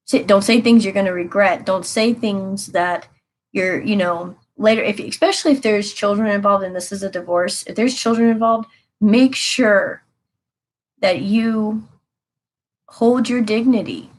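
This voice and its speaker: A woman's voice: medium pitch, unhurried, low-quality recording. A woman giving a casual tarot reading to her viewers, earnest and rambling, repeating her advice with emphasis. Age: adult with children. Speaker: tarot reader.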